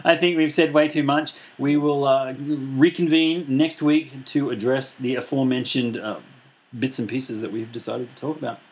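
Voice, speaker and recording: A man's voice: mid-range voice, steady tone, moderate pace, a little mellow. A man hosting a podcast in casual chat, rambling and laughing often as he retells a show. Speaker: podcast host.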